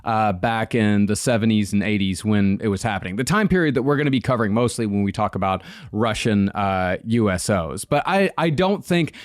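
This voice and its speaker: A man's voice: lowish voice, animated, a little fast, hardly any pauses, dry recording, clean studio sound. A man co-hosting a podcast, reading research notes in a casual, sarcastic way and swearing freely. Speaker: podcast co-host.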